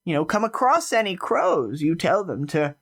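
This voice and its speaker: A woman's voice: on the low side, big pitch swings, moderate pace, a bit bright, pitched above the performer's own voice, full character voice. A man voicing a sweet, generous old woman in a tabletop game who drops sly hints while sounding kindly.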